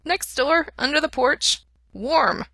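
A woman doing a squeaky little male dog. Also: expressive, slow, creaky, bright, forceful tone, dry recording, full character voice. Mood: chirpy. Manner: short clipped phrases. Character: small scruffy male dog, eager and simple.

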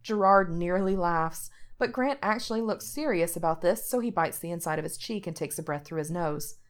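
A woman's voice: fairly low pitch, moderate pace. A woman reading a story aloud as narrator, shifting her voice slightly for the characters' lines. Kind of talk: audiobook reading of fiction.

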